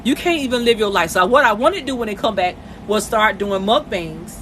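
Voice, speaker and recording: Woman, live streaming from bed at home, bright tone, emotional and chatty, faint noise behind. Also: mid-range voice, expressive, a little fast. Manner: emotional, conversational, addresses viewers directly. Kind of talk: casual live-stream monologue. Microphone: phone.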